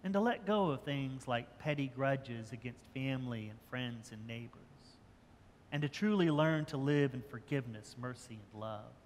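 A man's voice: medium pitch, expressive, normal speed, slight background noise. An older man, a pastor, preaching a sermon in a conversational way, often restarting his phrases. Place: church sanctuary. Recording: church hall with long reverb.

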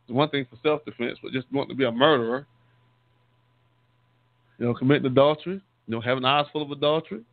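A man's voice: medium pitch, quick pace, vocal fry, pauses often, dry recording. A man, a deacon, giving a conversational sermon, often repeating and restarting words and calling his listeners saints. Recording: tinny phone-line sound, dry.

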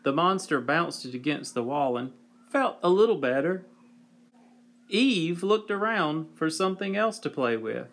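Slow, deliberate man reading a story aloud. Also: fairly high pitch, expressive, a bit bright. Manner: slow, deliberate, wry delivery, clears throat.

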